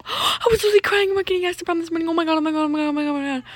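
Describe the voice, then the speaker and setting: A woman voicing an excited teenage girl who gushes with joy in a toy role-play story. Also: a little high, brisk, dry recording. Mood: overjoyed. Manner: gushing, squealing with joy.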